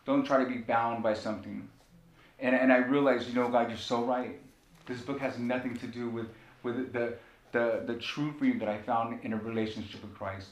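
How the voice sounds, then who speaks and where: Pastor guy preaching and telling his story, mid-pitched voice, echoey room. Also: steady tone, normal speed. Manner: impassioned storytelling preaching with repeated phrases. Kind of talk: sermon. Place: church sanctuary. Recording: echoey church room with faint rumble.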